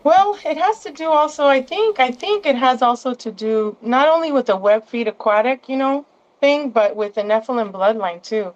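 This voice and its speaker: A woman with a fairly high voice chats casually as an interview guest. She rambles along, restarting her sentences and drifting into asides. The audio is dull and lo-fi. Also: moderate pace.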